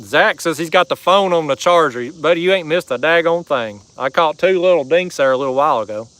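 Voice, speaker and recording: A man's voice: fairly high pitch, expressive, fairly quick, a bit bright, no echo, rough recording. Folksy man chatting on a river. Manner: folksy, drawling, chatty with viewers. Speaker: fishing livestream host. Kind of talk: casual livestream chat reading comments. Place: kayak on a river outdoors.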